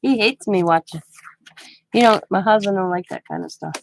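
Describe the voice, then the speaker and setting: A woman's voice: mid-range voice, moderate pace, vocal fry, slight background noise, low-quality recording. A woman vlogging casually from her home craft room, chatty and laughing often as she retells conversations. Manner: retells conversations with quoted back-and-forth. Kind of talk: casual storytelling chat.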